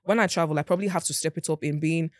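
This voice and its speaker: A speaker from Nigeria talks quickly in casual conversation, asking probing questions and often restarting sentences. The voice sits at a middle pitch. The recording is dry and close. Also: fairly even intonation, no echo. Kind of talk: casual chat.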